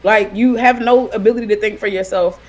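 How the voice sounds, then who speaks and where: A podcast co-host in casual commentary chat, animated and fond of acting out what other people said. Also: mid-range voice, brisk. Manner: animated, acts out quoted people.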